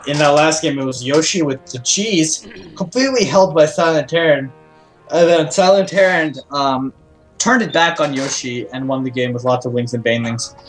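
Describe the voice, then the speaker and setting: A man's voice: a little high, normal speed, over music. A man co-commentating a video game match on a live stream, laid-back and easily amused. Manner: laid-back, laughs easily, plays along. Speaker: esports co-commentator.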